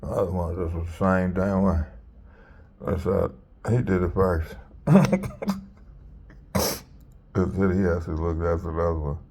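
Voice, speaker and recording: A man's voice: low voice, measured pace, pauses often, dark tone. A man chatting casually and rambling, laughing often and sometimes dropping to a whisper.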